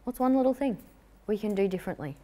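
A woman's voice: mid-range voice, animated, fast, dark tone. A woman giving an upbeat, jokey live talk to a young audience as a motivational speaker.

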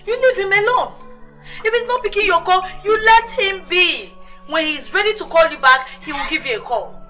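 Firm young Nigerian woman; high, bright, lively. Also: normal speed, faint music behind. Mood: defiant. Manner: firm, emphatic. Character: young Nigerian woman, defiant then tender.

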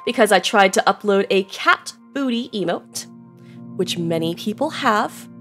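A woman streaming a game to her chat, bubbly and excitable, laughing often, swearing casually and saying y'all. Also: medium pitch. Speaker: Twitch streamer. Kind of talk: casual live-stream chat while gaming.

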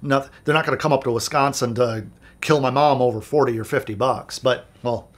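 A man's voice: mid-range voice, steady tone, fairly quick. A man who produces music, telling a candid, profane, rambling story to camera in a casual vlog. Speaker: music producer and video host.

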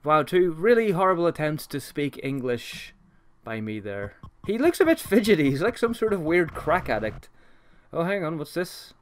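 Playing a retro game for his gaming channel, a young host keeps up a casual let's-play commentary with self-deprecating jokes. His voice is a little high, swings widely in pitch, and moves at a moderate pace.

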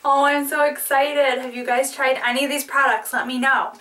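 A woman beauty vlogger in casual chat, opening a package, giggly, excitable and apologetic. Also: high-pitched, normal speed, distant mic, background noise.

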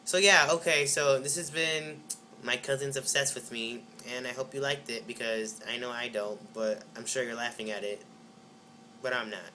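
A teenage boy vlogging from home into a webcam, his voice bright and a touch tense. He rambles through his story, full of fillers and restarts, with an exasperated edge. A faint hiss of noise sits under the recording. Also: mid-range voice, steady tone, moderate pace. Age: teens. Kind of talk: casual vlog storytelling.

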